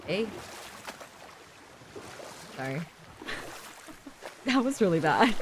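A woman's voice: fairly low pitch, very animated, very slow, noisy background. An American woman streaming a game, chatting and giggling with her viewers in casual commentary. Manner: chatty, giggly, talks to chat.

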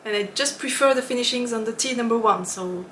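A woman hosting a knitting podcast in a casual, chatty way, often laughing and pausing with ums. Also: on the high side, a bit bright, echoey room, a little hiss or hum. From lives in Switzerland.

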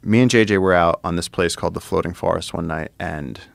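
Male podcast guest, very low gravelly voice, animated storyteller, swears freely, dry close mic. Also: fairly quick, no room sound. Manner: excited, profane, lots of fillers and restarts. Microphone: studio podcast mic.

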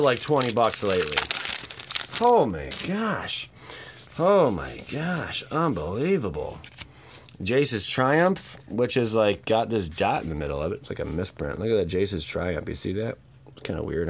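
A man talks through a card-opening video, his pitch leaping and falling as he exclaims over each pull and then drops to awed murmurs. He sounds like a hobby host at his table, loud one moment and hushed the next. A faint background hiss sits under his voice. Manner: exclamatory, swings between shouted excitement and low awed mutters. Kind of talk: excited card-opening vlog commentary.

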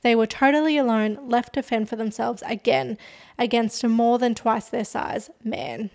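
At a moderate pace and in a fairly high, slightly mellow voice, a podcast host chats through a true-crime story. She uses "like" constantly as filler and punches up moments with dramatic emphasis.

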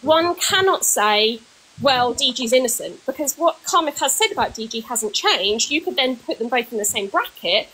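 A woman's voice: sits high, animated, moderate pace, sharp tone, slight background noise, low-quality recording. A woman arguing her point at length in a heated live stream debate, lecturing and insistent. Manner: argumentative, lecturing.

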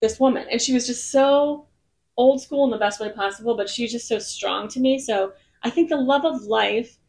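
A woman's voice: on the high side, normal speed, a little mellow. A woman singer-songwriter as a podcast guest, telling stories in a bubbly, rambling way. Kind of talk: casual podcast chat. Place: in Nashville.

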